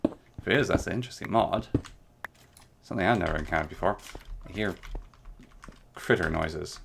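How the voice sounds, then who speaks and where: A man's voice: sits low, moderate pace, creaky, background noise. A man chatting playfully through a gameplay stream, rambling with jokey asides. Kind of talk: casual gameplay commentary. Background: background music and keyboard typing.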